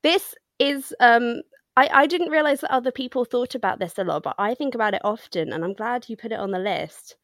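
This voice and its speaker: A woman co-hosting a casual podcast chat, with dry, deadpan humour and frequent ums. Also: fairly high pitch, fairly quick, no echo. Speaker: podcast co-host.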